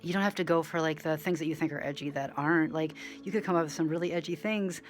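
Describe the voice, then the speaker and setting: A woman vlogging in a rambling monologue, full of "like" and side tracks, swinging between loud animated bursts and quiet asides. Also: low voice, fast, faint music behind. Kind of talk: rambling direct-to-camera monologue.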